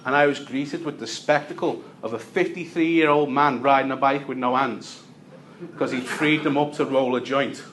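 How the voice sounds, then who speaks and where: A young man from Liverpool with a Liverpool accent doing a stand-up set, deadpan storytelling with punchlines. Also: on the high side, noisy background. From Liverpool, England. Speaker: stand-up comedian.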